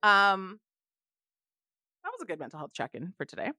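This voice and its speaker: Young woman teacher co-host, giggly, lots of "like", bright and dry sound. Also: mid-range voice, huge pitch swings, normal speed, dry recording. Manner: laughs often, bubbly, uses "like" a lot. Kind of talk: casual chat.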